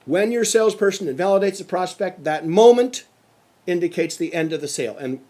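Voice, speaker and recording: A man's voice: high-pitched, lively intonation, fairly quick, mellow. A middle-aged man giving a motivational sales lecture, emphatic and repeating his key phrases. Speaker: sales trainer.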